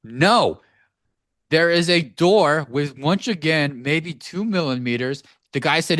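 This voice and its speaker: A man co-hosting a podcast, telling a story in an animated, profane ranting way from a home studio. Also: fairly high pitch, slow pace, no echo. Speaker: podcast co-host. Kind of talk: casual podcast chat.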